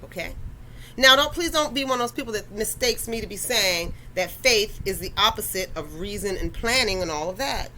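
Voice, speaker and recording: A woman's voice: medium pitch, expressive, moderate pace, pushed and bright, a little hiss or hum, low-quality recording. A woman hosting a faith talk, addressing listeners directly in a conversational, preachy way. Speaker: podcast host.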